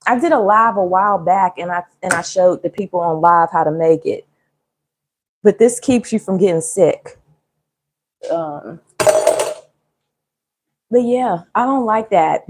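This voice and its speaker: A woman chatting casually and joking with viewers during a cooking livestream. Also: medium pitch. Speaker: livestream host.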